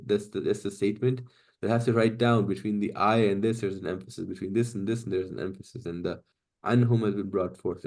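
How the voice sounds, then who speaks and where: A man teaching Quranic Arabic grammar in a class, explaining patiently step by step and reciting Arabic phrases quickly. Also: on the low side, vocal fry, dark tone.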